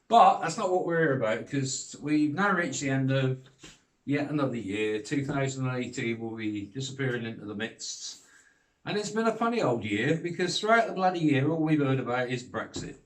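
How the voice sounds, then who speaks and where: A man's voice: mid-range voice, very animated, moderate pace, echoey room. An older British man delivering a blunt, sweary, heated rant straight to camera. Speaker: vlogger. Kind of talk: ranting monologue.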